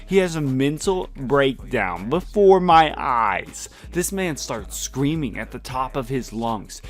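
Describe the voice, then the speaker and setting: A young man tells a wild story to his vlog viewers. He talks casually, in slang full of profanity, and keeps laughing between lines. His voice sits at an average pitch for a man. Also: sing-song, slow, few pauses, soft background music. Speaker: vlogger.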